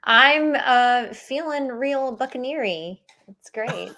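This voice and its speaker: A woman's voice: high-pitched, lively intonation, slow pace, bright, forceful tone. A woman joining a casual live stream as a guest, cheerful and giggly as she introduces herself.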